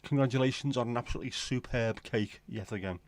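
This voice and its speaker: A middle-aged British livestream host, speaking in a mid-range voice and at a fast clip, rambles through a casual late-night stream from home. He's wry, chats with his viewers, and often talks to himself.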